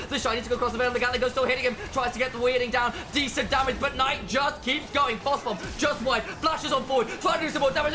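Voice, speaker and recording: A man doing live esports play-by-play commentary, dramatic and building to shouted calls. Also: extremely high pitch, background noise.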